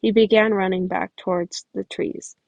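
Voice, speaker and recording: On a close home mic, a woman reads fan fiction aloud as a podfic reader, stumbling over words, restarting phrases and breaking off for chatty asides. Her medium-pitched, steady voice is gravelly and a little mellow at a normal pace. The sound is completely dry with no room echo, and the highs are cut off.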